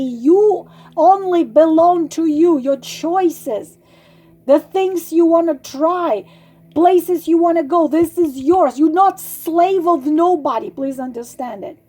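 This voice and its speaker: Slow high-voiced woman giving earnest advice. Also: warm tone. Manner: pleading, repeats herself, many ums and restarts. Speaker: tarot channel host giving advice.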